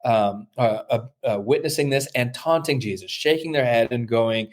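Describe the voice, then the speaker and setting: In this interview clip, a male New Testament scholar explains his research in a mid-range voice. He speaks thoughtfully but haltingly, restarting often and leaning on fillers, occasionally performing quoted voices.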